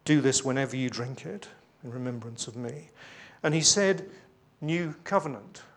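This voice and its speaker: A man's voice: medium pitch, normal speed. A man preaching a sermon, reading scripture aloud with emphasis between conversational asides with light humour.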